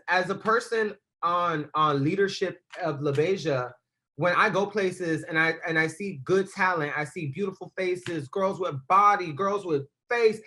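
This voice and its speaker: A ballroom house leader telling stories in a casual interview, sassy and animated, swearing freely. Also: medium pitch.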